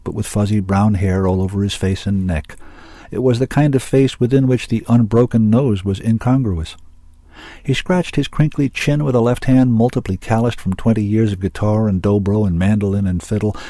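Deep-voiced male audiobook narrator. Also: dark tone, dry recording.

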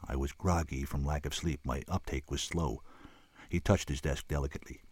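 A man narrating a first-person audiobook in an expressive storytelling manner. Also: rumbling low, moderate pace, slightly rough, no room sound.

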